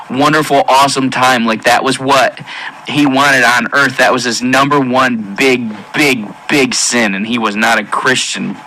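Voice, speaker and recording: A man giving an emotional personal testimony in an earnest, halting way, with many pauses and restarts. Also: mid-range voice, bright, forceful tone, low-quality recording. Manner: intense, pleading delivery. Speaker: testimony speaker.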